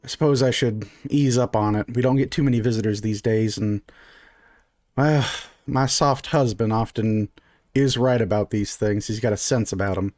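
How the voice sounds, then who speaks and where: A man voicing a stern, sharp-tongued middle-aged townswoman who is a mother, with a bossy, folksy drawl, in a tabletop game. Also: on the low side, moderate pace, dry recording, studio quality, voice pushed down, natural voice.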